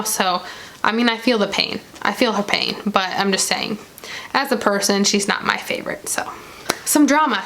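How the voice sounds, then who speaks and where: A young woman chatting casually as she recaps a reality show episode, retelling scenes with quick quoted asides. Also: medium pitch, a bit bright.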